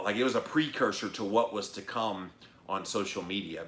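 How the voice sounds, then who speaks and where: A middle-aged man hosts a casual live stream in an animated, emphatic way. His voice sits low but sounds bright and forceful. The room around him is echoey. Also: normal speed. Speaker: host of a live-stream show. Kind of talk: casual livestream chat reading comments.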